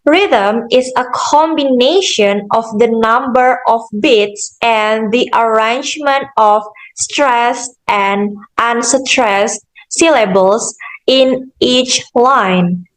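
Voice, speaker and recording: A young woman student giving a slow, careful class presentation, explaining step by step with frequent "okay" and "so". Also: on the high side, poor audio. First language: Indonesian. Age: young adult. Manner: deliberate, measured, with "okay" and "so".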